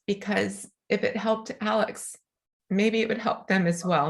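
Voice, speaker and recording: Earnest mother telling her daughter's story. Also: vocal fry. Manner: earnest, rises high and slows when moved. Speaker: guest author and mother. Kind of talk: emotional interview storytelling.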